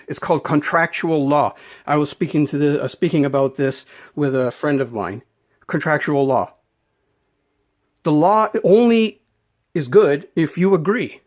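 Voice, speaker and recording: Emphatic man ranting to camera. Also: on the high side. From Canada. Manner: emphatic, rambling, repeats words. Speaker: knife vlogger. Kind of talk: unscripted rant to camera.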